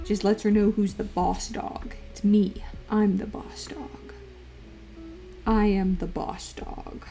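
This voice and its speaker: A woman's voice: mid-range voice, fairly even intonation, moderate pace, creaky, dark tone, faint music behind. A woman livestreamer chatting playfully, slipping into doting baby talk and giggling. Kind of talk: casual stream chat.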